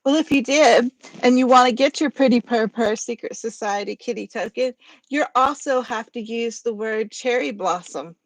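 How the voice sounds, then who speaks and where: A woman's voice: on the high side, normal speed, dry recording. Chatty woman hosting a live poetry reading. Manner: chatty, rambling, laughs easily.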